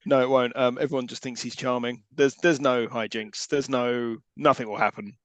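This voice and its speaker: A man co-hosting a podcast, wry and quick, often restarting his sentences. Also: mid-range voice, fairly even intonation, a bit bright, dry recording. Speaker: podcast co-host. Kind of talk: casual film review chat.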